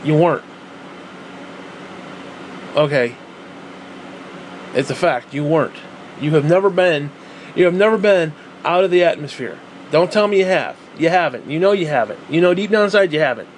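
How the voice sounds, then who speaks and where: A man vents in a rambling vlog rant, swearing freely and circling back on his own points with sarcastic asides. His voice sits a little high for a man. A faint hum runs underneath the recording. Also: animated, moderate pace, pauses often. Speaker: vlogger. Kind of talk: ranting monologue.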